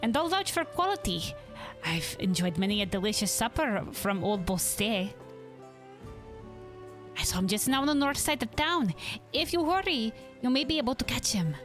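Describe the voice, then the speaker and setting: A woman voicing a friendly, helpful villager with a bright, sing-song way of talking. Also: high-pitched, very animated, normal speed, music in the background, pitched above the performer's own voice.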